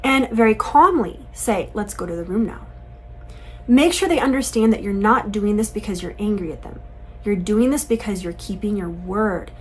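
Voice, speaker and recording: A mother teaching other parents in an earnest, calm and firmly instructive talk. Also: on the high side, breathy edge, low-quality recording.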